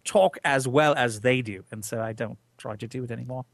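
A man's voice: mid-range voice, a little fast, noisy background. A man co-hosting a podcast in easygoing casual chat, reading out listener questions. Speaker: podcast co-host.

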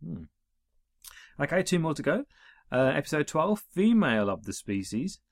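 A man's voice: fairly high pitch, big pitch swings, moderate pace, no echo, clean studio sound. A man reading through an episode guide in a casual way, adding wry asides and small chuckles. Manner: reads listings, adds wry chuckling asides.

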